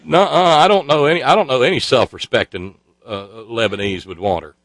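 Snarky guy host, bright tense voice, dry close mic, stumbles over words a lot. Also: medium pitch, fairly quick, no echo. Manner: sarcastic, mocking, stammering. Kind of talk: casual chat.

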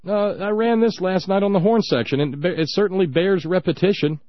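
A man's voice: sits high, brisk, no echo, lo-fi sound. A man hosting a talk radio show, ranting with indignant sarcasm.

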